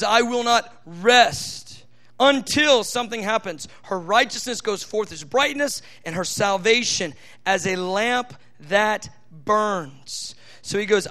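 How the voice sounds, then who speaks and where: Fervent high-voiced male preacher. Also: pushed and bright. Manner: fervent, emphatic, varies pace from rushed asides to slow stressed phrases. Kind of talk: sermon, Bible teaching.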